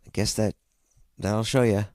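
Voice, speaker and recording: A middle-aged man with a very deep voice chats on a podcast, easygoing and dry in his replies. He sounds close to the mic in a dead, dry space. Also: steady tone, normal speed, darkish tone, dry recording. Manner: dry, laid-back reactions. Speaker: podcast co-host. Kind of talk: casual chat.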